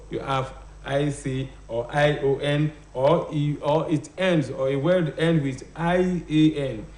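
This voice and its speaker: A man's voice: mid-range voice, a little mellow, roomy sound. A man teaching phonology on a live TV show, hesitating often and asking rhetorical questions. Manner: hesitant, many fillers, rhetorical "what?" questions. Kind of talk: live broadcast lesson. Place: TV studio.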